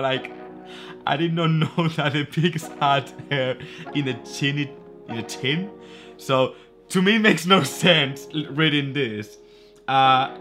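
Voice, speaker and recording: A native Spanish-speaking man with a Spanish accent, teaching vocabulary through a children's story, patient and often laughing. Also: mid-range voice. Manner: patient, repeats phrases slowly, laughs often. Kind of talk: reading a story aloud and explaining vocabulary.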